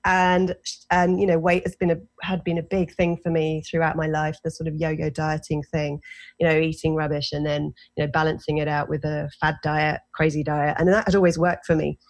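A woman in her forties with an English accent, telling her own story as a guest in a casual interview, animated and self-deprecating. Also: low voice, fairly quick. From England. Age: 40s. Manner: animated, self-deprecating, lots of fillers and restarts.

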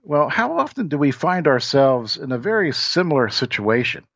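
A man hosting a talk show, telling a parable in a relaxed, conversational way with everyday fillers, then reflecting on its meaning. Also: fairly high pitch, normal speed, gravelly, dry recording. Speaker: podcast host. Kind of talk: storytelling and reflection. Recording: dull, dry lo-fi recording.

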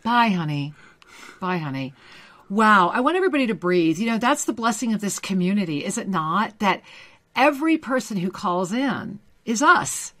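A woman co-hosting a live spiritual call-in radio show, effusive and emotional, often dropping to a hushed, breathy voice. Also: mid-range voice, animated, normal speed. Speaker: co-host and intuitive reader.

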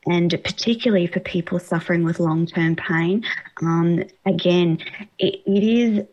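A woman's voice: fairly low pitch, unhurried, darkish tone, dull audio. A woman hosting a radio interview, talking in an encouraging, emphatic way. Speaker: radio host.

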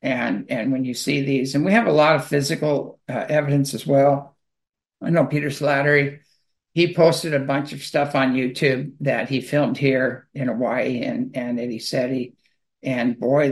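A man's voice: medium pitch, steady tone, normal speed, gravelly. A man on a talk radio show, rambling loosely with many fillers and restarts as he talks about spirituality. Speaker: radio show guest speaking on spirituality and UFOs. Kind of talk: casual monologue.

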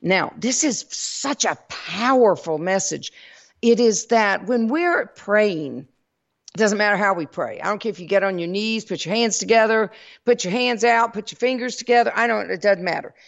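A woman's voice: medium pitch, moderate pace, gravelly. A woman with a Southern US accent hosting a spiritual teaching talk, folksy and calling her listeners y'all. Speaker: host. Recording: dull lo-fi recording.

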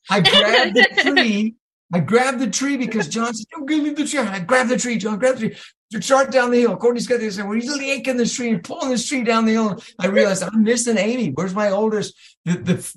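A middle-aged man telling a family story in a lively, laughing way. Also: high-pitched, brisk, low-quality recording. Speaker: storyteller on a talk show. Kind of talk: casual storytelling.

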